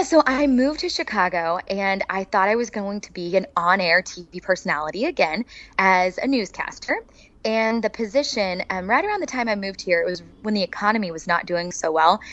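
Lively Oklahoma woman telling her story. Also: medium pitch, normal speed. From Oklahoma, USA. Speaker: interview guest, TV personality. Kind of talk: storytelling in an interview. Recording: dull, dry lo-fi sound.

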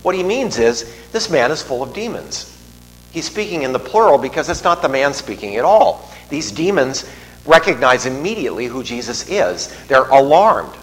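A middle-aged man, a priest, giving a homily in a conversational, digressive way with restarts and asides. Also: mid-range voice. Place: church. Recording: long reverb in a large church, faint hum.

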